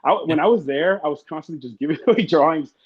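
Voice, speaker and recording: Fast-talking husky man telling stories. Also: on the high side. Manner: rambling, profane, acts out quotes. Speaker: interview guest. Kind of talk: casual storytelling. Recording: muffled lo-fi sound.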